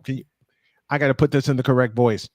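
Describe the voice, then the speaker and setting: A man's voice: medium pitch, steady tone, fast, darkish tone, dry recording. A man co-hosting a podcast, blunt and crude in casual chat. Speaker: podcast co-host.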